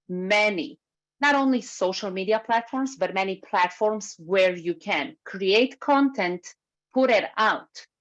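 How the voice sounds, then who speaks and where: Woman giving a lively webinar talk. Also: mid-range voice. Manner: lively, moves while speaking. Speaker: workshop speaker. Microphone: video call. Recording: slightly muffled video call recording.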